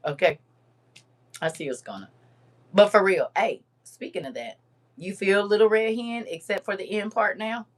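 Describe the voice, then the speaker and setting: A woman hosting a casual livestream, reading viewer comments aloud in a lively, teasing way and laughing often. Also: mid-range voice, moderate pace, pauses often.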